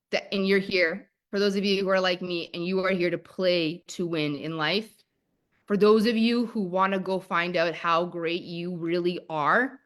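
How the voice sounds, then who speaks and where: A woman in her thirties giving a motivational masterclass as a manifestation coach, talking in an excited, emphatic way and repeating her key phrases. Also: medium pitch.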